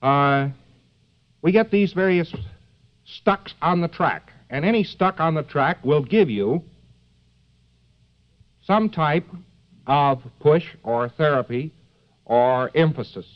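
A man's voice: a little high, lively intonation, takes it slowly, pauses often. A man giving a rambling, joking live lecture to an audience, full of fillers and asides like "see?". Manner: joking, digressive, many fillers and rhetorical asides. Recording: dull lo-fi old lecture recording.

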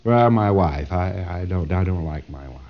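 A halting male patient who mumbles low and trails off, stammering before each answer, as a lecturer puts him on. The sound is a dull, lo-fi old tape. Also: expressive. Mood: hesitant.

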